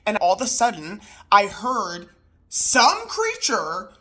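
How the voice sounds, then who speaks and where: A woman in her mid-thirties telling a casual storytime, animated and incredulous as she acts out the people in it. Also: mid-range voice, slow. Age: 30s. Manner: animated, incredulous retelling with quoted voices.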